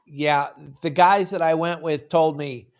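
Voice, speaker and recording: A man with a fairly high voice hosts a casual fishing podcast. He tells stories in an easygoing, self-mocking way, laughing at his own mistakes. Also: fairly even intonation, unhurried, clean tone. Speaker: podcast host.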